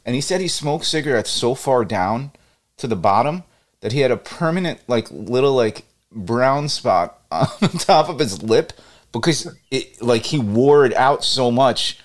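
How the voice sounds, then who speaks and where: A man's voice: mid-range voice, animated, unhurried. A man co-hosting a casual baseball podcast who laughs easily and trades loose, jokey stories. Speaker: podcast co-host. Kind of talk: casual sports chat.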